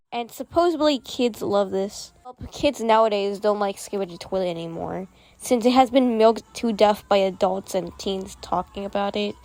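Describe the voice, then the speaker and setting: A woman's voice: medium pitch, a little mellow, no room sound. A young woman vlogger giving rambling, sarcastic commentary, full of fillers and restarts. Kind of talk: casual commentary.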